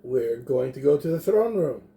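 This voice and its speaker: A man's voice: medium pitch, expressive, moderate pace, gravelly, warm tone. A man playing a tabletop game, thinking aloud as he plans his moves. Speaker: player.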